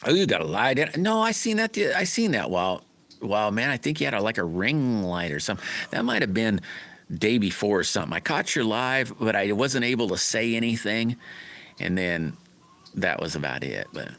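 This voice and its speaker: A man's voice: lowish voice, big pitch swings, moderate pace, fairly bright tone. A middle-aged man, rambling in a folksy way as he hosts a casual livestream and greets viewers by name. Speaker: livestream host chatting with viewers.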